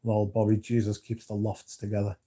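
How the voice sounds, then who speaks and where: A man's voice: on the low side, completely flat delivery, a little fast, dark tone. A man hosting a casual livestream, reading viewer comments aloud and swearing freely as he chats. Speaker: livestream host reading chat. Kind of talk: casual livestream chat about perfume.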